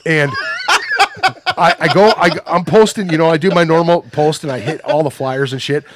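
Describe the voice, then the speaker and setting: A podcast guest with a slightly high voice tells a long story in casual conversation at a moderate pace, though the audio is very noisy. He swears constantly and rambles, acting out each quote as he goes.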